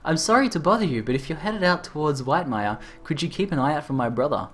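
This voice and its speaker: A man's voice: fairly high pitch, lively intonation, fast, fairly bright tone, a little hiss or hum. A man voicing a worried young woman who is asking for help finding her lost brother, in a subdued attempt at a female voice. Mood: worried pleading. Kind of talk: reading game dialogue aloud in voices.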